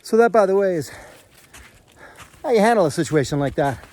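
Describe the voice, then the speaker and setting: Outdoor host, male, relaxed storyteller out in the hills, slightly high pitch. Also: fairly quick. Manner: chatty, easygoing, storytelling. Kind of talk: casual talk to camera.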